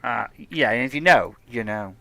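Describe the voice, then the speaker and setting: A man with a bright, forceful voice, talking over his gameplay on a podcast. He is brash and jokey and swears freely. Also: medium pitch, lively intonation, moderate pace, vocal fry, dry recording. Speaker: podcast co-host playing a video game. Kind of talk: casual chat with live gameplay commentary.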